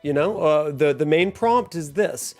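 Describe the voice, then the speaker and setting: A man's voice: on the high side, lively intonation, a little slow. Upbeat man hosting a livestream. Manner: upbeat, chatty, laughs often. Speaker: livestream host. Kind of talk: casual livestream chat. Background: soft lo-fi music.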